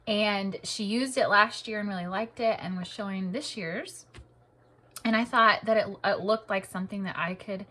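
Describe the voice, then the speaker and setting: A young mom with a hoarse, rough voice from losing it, chatting casually and rambling a bit with fillers. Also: female voice, mid-range voice, bright, forceful tone. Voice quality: rough, husky. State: hoarse, partly lost voice. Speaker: homeschooling mom vlogger. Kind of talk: casual chat.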